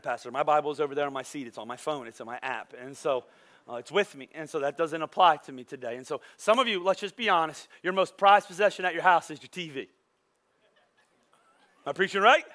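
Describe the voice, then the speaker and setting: A man's voice: high voice, pushed and bright. A man preaching a sermon as pastor, in a casual, joking way that acts out the voices of his listeners. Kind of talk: conversational sermon.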